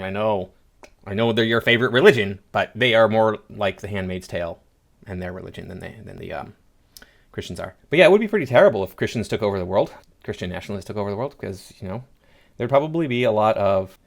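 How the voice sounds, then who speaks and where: A man's voice: lowish voice, creaky. A man hosting a political commentary show, reading posts aloud and answering them with scoffing sarcasm.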